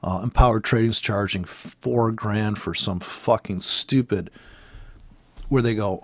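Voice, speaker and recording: A man's voice: medium pitch, expressive, measured pace, dry recording. A man giving profane, sarcastic, exasperated commentary on trading charts while scrolling through them. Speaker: trader commenting on price charts.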